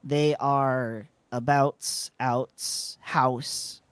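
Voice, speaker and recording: A man's voice: medium pitch, fairly even intonation, very slow, clean tone, no echo. Laid-back Canadian man chatting. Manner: laid-back, joking, explains with examples. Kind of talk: casual chat over voice call while gaming.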